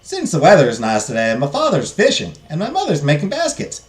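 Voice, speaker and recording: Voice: mid-range voice, wildly swooping pitch, fairly quick, roomy sound, distant mic, soft background music. A game streamer voicing a frank, strong-willed teenage farm girl. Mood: matter-of-fact.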